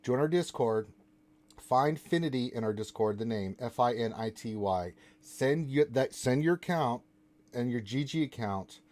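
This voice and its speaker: A man's voice: medium pitch, lively intonation, moderate pace, a little mellow. Joking male live-stream host. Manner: loose, joking, reads chat questions aloud. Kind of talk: casual live-stream chat.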